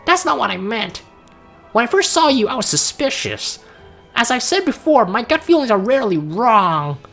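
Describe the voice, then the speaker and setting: A man doing a suspicious young girl mage in a game story reading, her voice pushed far up and bouncing around. She pries with quick, high questions. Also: sing-song, pushed and bright, soft background music, heavily acted. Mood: prying. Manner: high-pitched, probing.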